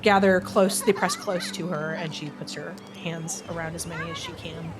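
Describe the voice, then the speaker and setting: A woman's voice: lowish voice, steady tone, moderate pace, background noise. A woman running a tabletop role-playing game as game master, narrating playfully and often laughing.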